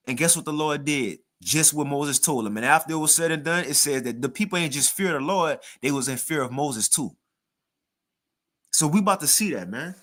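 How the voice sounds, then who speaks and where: Man, casual sermon, slangy conversational preaching, scripture reading, slightly high voice. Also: a bit bright. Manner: conversational, reads scripture aloud.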